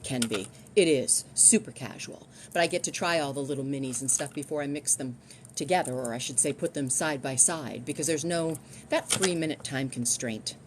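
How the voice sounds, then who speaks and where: A woman's voice: a bass voice, moderate pace, a little hiss or hum. A middle-aged woman chatting casually on a live stream from home, rambling and restarting her sentences.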